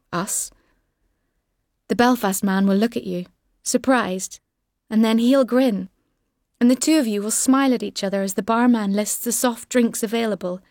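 A woman narrating an audiobook in a measured, wry way. Her voice sits mid-range, and the booth sound is dry and close. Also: mid-range voice, darkish tone, dry recording. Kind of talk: literary second-person narration.

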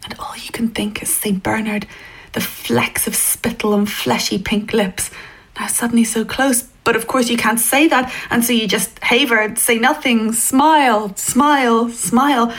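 A woman narrating a story in the second person, in a hushed, intimate way that often sinks toward a whisper. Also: fairly high pitch, fairly even intonation, a little slow, low-quality recording.

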